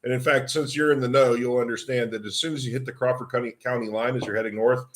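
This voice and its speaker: A man's voice: mid-range voice, fairly even intonation, fast talker, crowd noise. A man in casual chat as co-host, laid-back and teasing.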